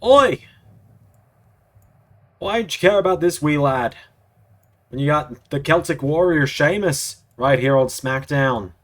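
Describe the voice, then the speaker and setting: A man's voice: fairly high pitch, expressive, takes it slowly, pauses often. A man with a sore throat doing an impression of a brash Irish male wrestler with an Irish accent, taunting and mocking. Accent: Irish, put on. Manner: mocking, swaggering trash talk.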